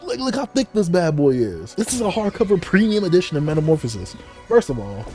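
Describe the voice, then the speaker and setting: A young man unboxing manga in an excited, playful casual vlog, exclaiming and joking. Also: on the high side, brisk, faint music behind. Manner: hyped, playful, exclamatory with laughs.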